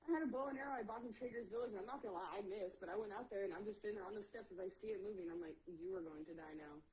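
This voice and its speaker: A woman's voice: medium pitch, rapid-fire, a little mellow, low-quality recording. A woman co-hosting a podcast, telling profane backyard anecdotes and acting out the dialogue. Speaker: podcast co-host. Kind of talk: casual storytelling.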